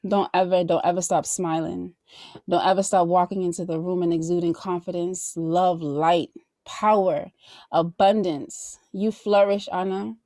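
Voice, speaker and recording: Effusive woman podcast host, low voice. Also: little pitch movement, unhurried, mellow, dry recording. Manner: effusive, heartfelt, preacher-like affirmations. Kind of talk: casual chat.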